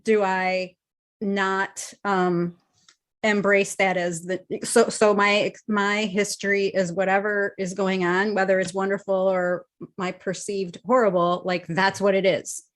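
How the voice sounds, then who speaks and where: Slow, hesitant woman client. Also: mid-range voice, little pitch movement. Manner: hesitant, halting with restarts. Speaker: coaching client.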